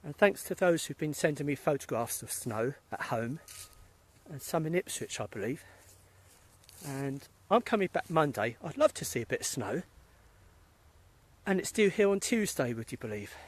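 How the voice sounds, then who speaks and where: A middle-aged British man rambles cheerfully into a handheld phone while strolling outdoors. His voice sits a little high for a man, and he drifts from anecdote to anecdote, calling out viewers by name. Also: sing-song, moderate pace, husky. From England. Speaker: spiritualist medium vlogger. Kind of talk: casual live-stream chat. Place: outdoors in a cemetery. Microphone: phone held while walking.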